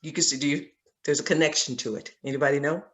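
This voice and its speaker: A woman's voice: low voice, steady tone, fast. A woman with a Southern accent leading a Bible study over a video call, telling a personal story in an earnest, storytelling manner. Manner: earnest, storytelling, laughs often. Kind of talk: conversational Bible teaching.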